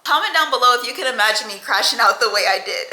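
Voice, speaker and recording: A young woman vlogger telling a storytime tale, animated and profane, acting out the quoted lines. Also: a little high, racing, roomy sound, poor audio. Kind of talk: storytime vlog.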